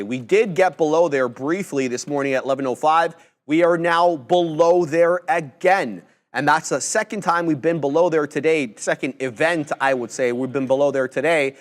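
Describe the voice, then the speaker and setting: A man co-hosting a live trading stream talks through chart levels in a relaxed, plain way. His voice sits slightly high for a man. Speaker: co-host of a live trading show. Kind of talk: live market commentary.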